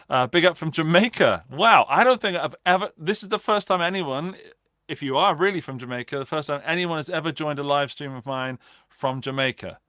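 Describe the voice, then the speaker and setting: Guy hosting a guitar livestream, chatty and jokey, smooth clear voice, dry close mic. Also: medium pitch, a bit bright, no echo. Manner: chatty, greets chat by name, light self-mocking asides. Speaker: livestream host. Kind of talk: casual livestream chat.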